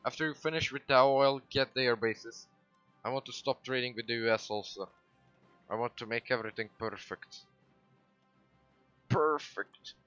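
A man giving casual, excitable commentary while livestreaming a strategy game, swearing and breaking into sudden loud outbursts. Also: medium pitch, fairly quick, clean tone, dull audio, soft background music. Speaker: gaming livestreamer.

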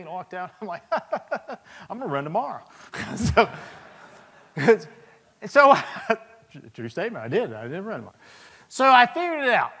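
Man in his fifties, senior soldier, anecdotal speaker, slightly high voice, reverberant hall. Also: a bit bright. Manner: storytelling, anecdotal, chuckling asides. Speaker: Sergeant Major of the Army. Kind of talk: speech to an audience. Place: large hall with audience.

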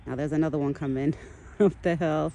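Mellow-voiced woman chatting outdoors. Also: deep voice, fairly even intonation, brisk, creaky, a little hiss or hum, rough recording. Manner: chatty, talks to the deer in affectionate pet talk. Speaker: vlogger feeding a wild deer. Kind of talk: casual outdoor chat to camera and to an animal. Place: outdoors in a foggy forest.

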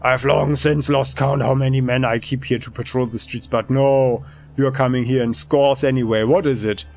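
Game cop, middle-aged male, grumpy and sarcastic, gravelly edge, read by a man. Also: medium pitch, steady tone, moderate pace, a little mellow, soft background music, lightly acted. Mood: irritated. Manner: irritable, sarcastic. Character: short-tempered middle-aged male police chief.

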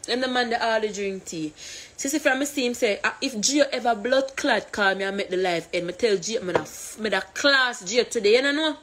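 A woman with a Jamaican accent telling an animated storytime rant, heavy on swearing and patois. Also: on the high side, fairly quick, a little hiss or hum.

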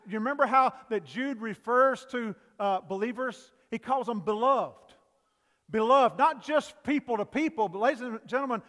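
High-voiced pastor preaching in a church. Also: male voice. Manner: preaching with sharp swings between loud emphasis and hushed, quiet passages. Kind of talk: sermon. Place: church sanctuary. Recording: long reverb of a church sanctuary.

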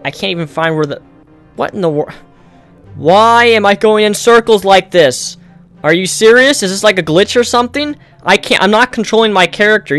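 A young man giving let's-play commentary on a console game. He sounds exasperated and breaks into loud, frustrated outbursts. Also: high-pitched, normal speed, clean tone, no room sound, faint music behind. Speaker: gamer.

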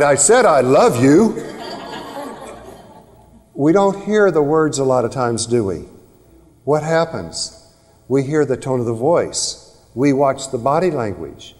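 A man's voice: a little high, darkish tone. A man giving a motivational seminar talk on communication to a live audience, asking rhetorical questions. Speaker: speaker on communication skills. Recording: long reverb of a hall.

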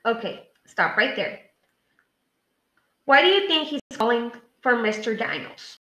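A woman teacher reading a story aloud to her class, pausing for questions and prompts in a clear, deliberate way. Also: on the high side, big pitch swings, pushed and bright, roomy sound, rough recording.

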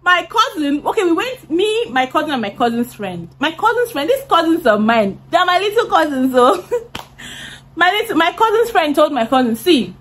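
A young woman with a Nigerian accent telling an animated storytime vlog, laughing and swearing as she goes. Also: very high-pitched, normal speed. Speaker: vlogger.

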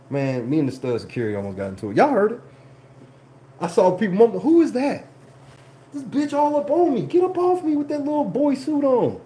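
Brief: stream host, swooping lively delivery, dark mellow tone, laughing and cussing through a story. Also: medium pitch, moderate pace, long pauses. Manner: laughing, profane, indignant retelling. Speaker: livestream host. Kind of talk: animated casual storytelling.

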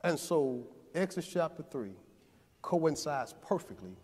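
A man preaching with a high, ringing voice that swells to near shouts and falls back low. It has a call-and-response rhythm, and his words carry a long reverb through the church hall. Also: sing-song, unhurried. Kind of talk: sermon. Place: church sanctuary.

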